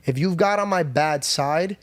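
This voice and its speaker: A man's voice: on the high side, measured pace, no echo. A man hosting a podcast, telling a personal story in blunt, profane, casual talk. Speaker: podcast host. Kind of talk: casual conversation.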